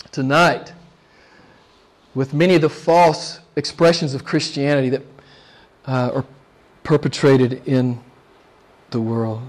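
A pastor delivering a fervent live sermon in a notably high voice. He hammers his points home, calls out to the room for an answer, and swings between loud declarations and quiet, almost hushed asides. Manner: emphatic, calls out to the congregation for responses.

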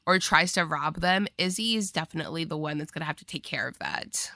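A woman co-hosts a casual podcast chat, blunt and joking, with a bright, edgy voice. She uses lots of "like." The recording is dry, close and free of echo. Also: low-pitched, fairly quick, gravelly. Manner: blunt, joking, heavy use of like. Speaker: podcast co-host.

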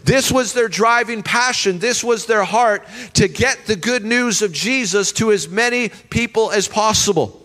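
A high-pitched man in his thirties preaching with strong emphasis, calling the congregation to repeat his words. His voice rings with the long reverb of a church hall. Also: unhurried, few pauses, fairly bright tone. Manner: emphatic preaching with call-and-response. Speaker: pastor. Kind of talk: sermon.

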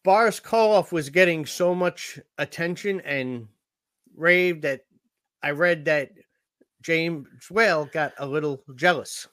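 High, bright-voiced man swearing casually. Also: slow, no echo. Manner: blunt, swears freely. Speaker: podcast co-host. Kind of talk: casual movie discussion.

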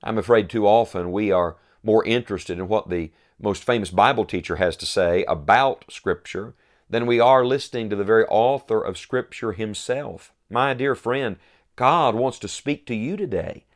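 A man preaching a sermon, earnest and emphatic, reading scripture aloud and slowing down to stress key lines. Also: lowish voice. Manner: earnest, emphatic, quotes scripture in old wording; slows for emphasis, rising repeated phrases.

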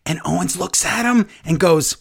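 A man's voice: moderate pace, vocal fry, breathy edge. A man casually recapping wrestling events for a co-host, acting out quotes with big jumps in his voice. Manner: animated storyteller, acts out quotes with big pitch jumps. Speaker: podcast co-host.

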